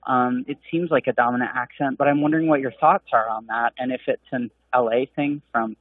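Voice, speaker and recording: A man's voice: medium pitch, fairly even intonation, a little fast, dry recording, far from the mic. Male caller from Arizona over a thin phone line; curious, hesitant. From Arizona, United States. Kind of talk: phone-in question. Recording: tinny phone line from afar.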